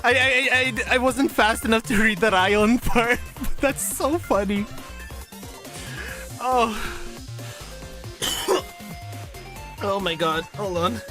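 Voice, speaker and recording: A woman streaming a game playthrough who talks to her chat, excitable and casually swearing. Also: a little high, slow pace, long pauses, over music. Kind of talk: live game playthrough commentary.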